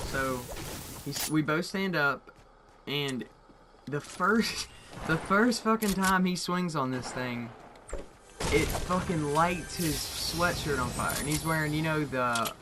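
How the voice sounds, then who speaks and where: A young man telling a story in a casual, rambling way, swearing constantly and getting excited at the wild parts. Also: medium pitch. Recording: audible background noise.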